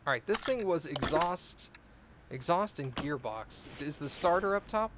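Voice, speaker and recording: A let's play streamer with a fairly high, animated voice talks at a measured pace over a noisy background while playing a car repair game. His gameplay chat is casual and rambling, full of jokes with viewers.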